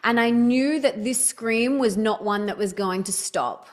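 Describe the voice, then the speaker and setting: Chatty woman telling stories. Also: fairly high pitch. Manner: chatty storytelling, quick restarts, lots of "like". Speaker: podcast guest. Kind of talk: casual interview chat.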